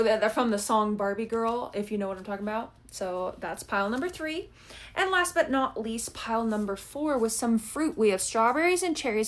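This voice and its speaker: Chatty woman doing a tarot reading. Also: medium pitch. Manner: chatty, keeps checking in with "okay?"; blunt, swears casually. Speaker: tarot reader. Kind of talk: casual pick-a-card tarot reading.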